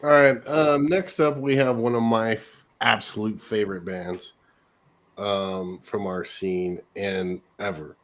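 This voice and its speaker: A man from California hosting a radio show, introducing bands in a relaxed, chuckling, loosely profane way. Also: fairly low pitch, slow pace. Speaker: radio host. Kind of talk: casual radio chat.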